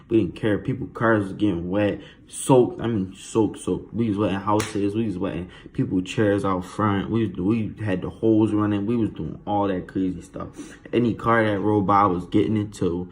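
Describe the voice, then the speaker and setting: A man telling a childhood story in a casual, slangy, animated way. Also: fairly low pitch, slight background noise.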